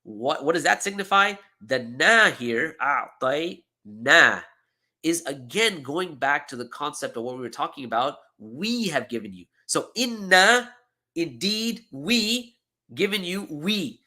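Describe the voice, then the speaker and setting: A man's voice: on the high side, bright, forceful tone. A man teaching a seminar, explaining with emphatic repetition and frequent "okay?" and "right?" checks. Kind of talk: lecture.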